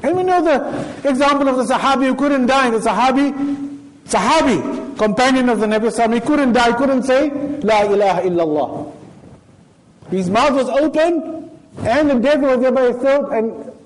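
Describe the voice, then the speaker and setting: High-voiced preacher. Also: male voice, expressive, fairly quick, poor audio. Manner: storytelling, quoting Arabic verses, rising and falling emphasis. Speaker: sheikh giving a talk at a mosque. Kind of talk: sermon.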